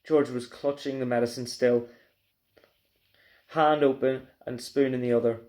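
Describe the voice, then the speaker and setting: A man's voice: mid-range voice, a little slow. A male teacher reading a children's book aloud, telling it expressively. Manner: expressive storyteller.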